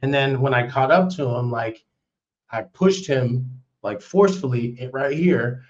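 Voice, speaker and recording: A man with a mid-range voice tells a story on a live stream at a measured pace, the audio sounding dull. His talk is casual and rambling, full of cursing and frequent sentence restarts.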